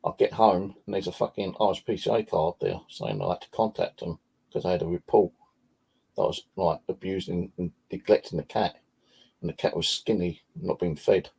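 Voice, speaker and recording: Gravelly low-voiced man. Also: lively intonation, moderate pace, warm tone. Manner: swears freely, rambling anecdotes. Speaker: vlogger. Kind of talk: casual storytelling.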